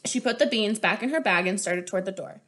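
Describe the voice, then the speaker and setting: A young adult woman reading a children's picture book aloud, clear and expressive as she shows the pages. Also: mid-range voice, fast. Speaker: storyteller.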